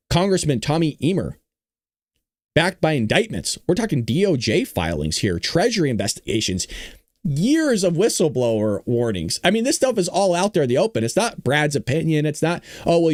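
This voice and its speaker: A man's voice: on the high side, no room sound. A male host delivering emphatic political news commentary with sarcastic asides, close to the mic.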